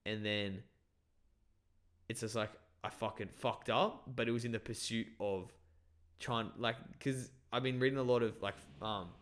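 A young man with a lowish voice talks in loose, rambling chat. His story wanders with fillers and constant swearing. He is originally from Bangladesh. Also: steady tone, measured pace, a bit bright. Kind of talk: casual chat.

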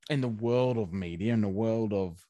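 A man's voice: lowish voice, normal speed, dark tone, no room sound. Man co-hosting, crude rambling banter, dry close mic. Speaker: podcast co-host. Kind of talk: casual chat.

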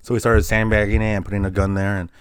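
A man's voice: fairly low pitch, flat delivery, rapid-fire, smooth, no echo, studio quality. Laid-back man telling war stories. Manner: laid-back, profane, laughs while telling grim stories. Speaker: guest, former army medic. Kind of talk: casual podcast storytelling.

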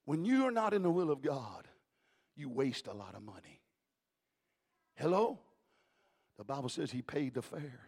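A man preaching a sermon, moving between quiet storytelling and shouted exhortation. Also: medium pitch, sing-song, moderate pace, vocal fry, long pauses. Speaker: pastor.

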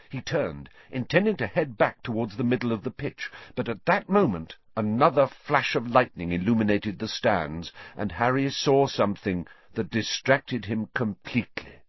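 Expressive husky male audiobook narrator. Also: fairly low pitch, no room sound. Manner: dramatic, shifting pace with the action. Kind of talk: storybook audiobook reading. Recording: dull dry lo-fi sound.

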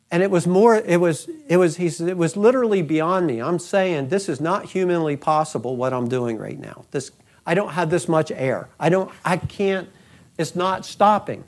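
A man's voice: a little high, darkish tone. A middle-aged man hosting a podcast, retelling another man's account and quoting him at length. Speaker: podcast host. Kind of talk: podcast storytelling.

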